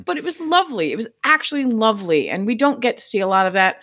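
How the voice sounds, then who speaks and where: Woman guest, casual talk, lively swooping delivery, acts out quotes, salty language. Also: a little high, quick pace. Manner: animated storyteller, swears casually, acts out quotes. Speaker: podcast guest, open source software creator. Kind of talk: casual chat.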